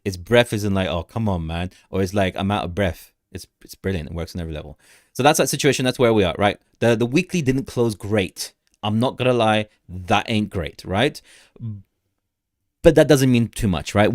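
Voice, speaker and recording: A man's voice: fairly low pitch, no echo, clean studio sound. A young man hosting a casual crypto livestream, rambling through charts, greeting viewers in the chat and laughing often.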